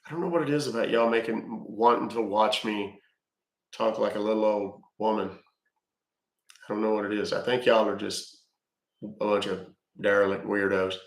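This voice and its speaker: A livestream host with a lowish voice chats loosely and swears freely, his intonation fairly even at normal speed. The sound is reverberant.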